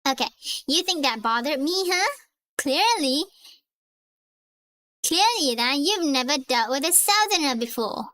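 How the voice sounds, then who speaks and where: A woman voicing a proud, touchy southern gentleman in a put-on Southern US accent with a pompous drawl. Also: sits high, lively intonation, measured pace, pauses often, dry recording, full character voice. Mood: indignant.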